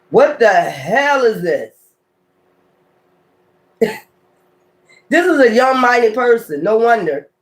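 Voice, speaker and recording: A man doing a casual tarot reading, talking straight to his viewers, cursing often and laughing between cards. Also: high voice. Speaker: tarot reader.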